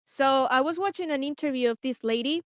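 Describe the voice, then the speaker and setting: A woman co-hosting a podcast, talking casually and haltingly with many fillers. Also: high-pitched, no room sound, clean studio sound. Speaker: podcast co-host.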